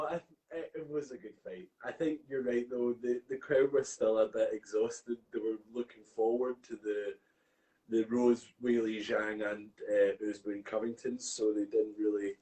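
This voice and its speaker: A man co-hosting a casual talk podcast, animated, laughing often and swearing casually. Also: mid-range voice, a little slow, poor audio. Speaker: podcast co-host. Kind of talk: casual chat.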